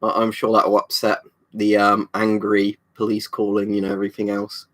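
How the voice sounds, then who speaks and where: A man's voice: fairly low pitch, completely flat delivery, normal speed, a bit bright. A British man chatting on a livestream, reading out viewer comments and rambling with many ums and restarts. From United Kingdom. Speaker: livestream host.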